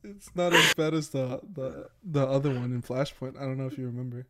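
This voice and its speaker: A man's voice: medium pitch, steady tone, brisk, fairly bright tone. Young man joking on a podcast. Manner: joking, rambling, many fillers. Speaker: podcast co-host. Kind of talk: casual podcast chat.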